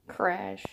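A woman's voice: pushed and bright, a little hiss or hum. A woman in her home kitchen, casually chatting and laughing while she talks to her cats and films them. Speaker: vlogger filming her cats. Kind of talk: casual home vlog chat.

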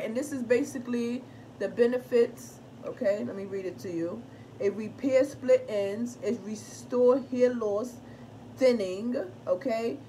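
A woman, pitching her homemade hair product in a casual vlog. She is emphatic, swears freely and keeps asking "okay?". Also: a little mellow. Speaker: product seller. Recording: distant phone mic with room noise.

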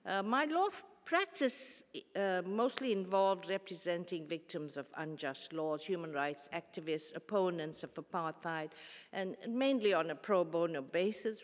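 A woman, giving a formal public lecture in a measured, earnest way with pauses and restarts. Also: on the low side. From South Africa. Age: 70s. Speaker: guest lecturer. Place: large concert hall. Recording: long hall reverb.

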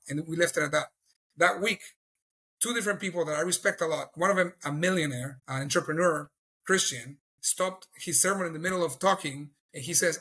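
Middle-aged man, earnest testimony teller, fairly high, bright tone. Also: fairly quick, slightly rough. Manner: earnest, storytelling, acts out his own past thoughts. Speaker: guest telling his faith testimony. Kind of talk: personal testimony in an interview.

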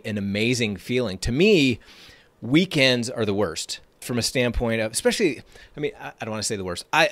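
Male trading-podcast host, upbeat motivational talker, punchy repetition, average pitch, dead-dry recording. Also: no echo. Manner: energetic, emphatic, repeats phrases for effect.

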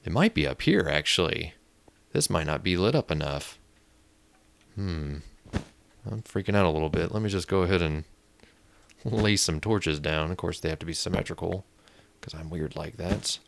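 A man's voice: low voice, normal speed, creaky, pauses often, a little hiss or hum. A young man from Indiana, chatting and rambling as he plays a video game, easily startled. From Indiana, USA. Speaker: gaming YouTuber. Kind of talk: casual gameplay commentary.

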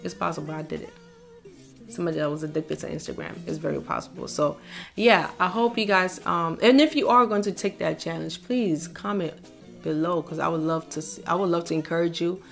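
A young woman talking casually to her viewers, chatty and animated, acting out little exchanges as she goes. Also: fairly low pitch, a little fast, vocal fry, faint music behind. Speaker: vlogger. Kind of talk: casual talk to camera.

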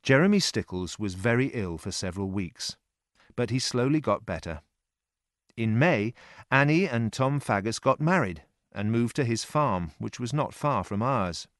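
A man reading a first-person novel aloud as an audiobook for English learners, in a steady storytelling voice. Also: mid-range voice, moderate pace, dry recording, clean studio sound. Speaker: narrator.

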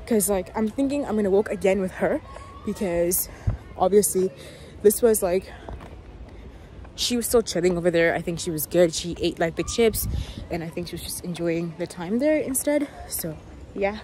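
A woman's voice: lowish voice, lively intonation, normal speed, dark tone. A playful young woman from South Africa chatting casually to camera in a vlog, recorded outdoors. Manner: playful, jokey, often puts on silly accents. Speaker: vlogger. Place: outdoors in a park. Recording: outdoor noise in the background.

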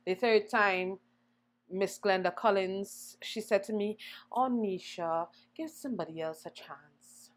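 A young woman singer, a guest in an interview, telling her story in an animated way and acting out the voices she quotes. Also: mid-range voice, a little slow. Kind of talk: conversational storytelling.

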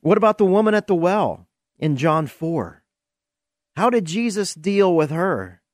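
A man's voice: high-pitched, big pitch swings, a little slow, dry recording, clean studio sound. A man hosting a podcast, giving an earnest, emphatic preaching-style monologue with vivid storytelling. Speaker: podcast host.

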